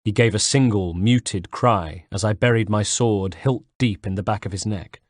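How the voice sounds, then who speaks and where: A man reading a first-person audiobook in a measured, dramatic way on a close mic. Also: lowish voice, dry recording. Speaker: audiobook reader.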